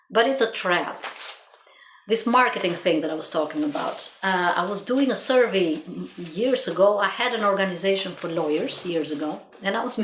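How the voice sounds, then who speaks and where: A motivational speaker delivers an earnest, reflective monologue in a mid-range, slightly bright voice, repeating points for emphasis and laughing at her own stories. The room echoes noticeably, and there's a little background noise.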